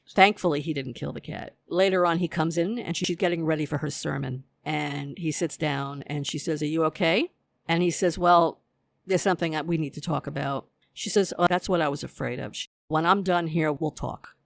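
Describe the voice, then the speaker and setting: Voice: medium pitch, moderate pace, creaky, no echo. A host giving a casual episode recap, retelling scenes and acting out the characters' lines.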